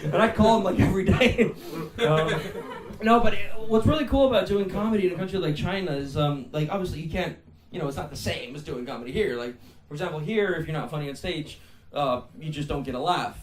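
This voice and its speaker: Young Midwestern-accented comic, high voice. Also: male voice, quick pace. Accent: American Midwestern. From Iceland. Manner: rambling, self-deprecating, laughs often. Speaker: stand-up comedian. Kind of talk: stand-up comedy set. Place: comedy club basement room. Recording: echoey room, distant mic, crowd. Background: audience laughing.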